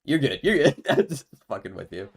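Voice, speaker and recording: Very animated and a little fast, with vocal fry at a medium pitch, this man chats casually with viewers while streaming a game. He stays laid-back, laughing often, musing aloud and addressing his chat.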